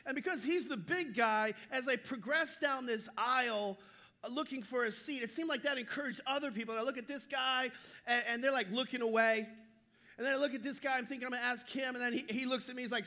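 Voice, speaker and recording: A male pastor preaching a sermon, telling stories in an animated, joking way. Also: very high voice, normal speed.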